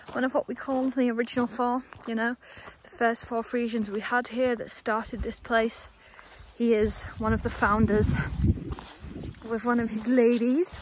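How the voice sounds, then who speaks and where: Over a noisy background, a young woman with a higher-pitched voice chats her way through a walking tour of the horse yard where she's on staff. She rambles casually and coos at the animals.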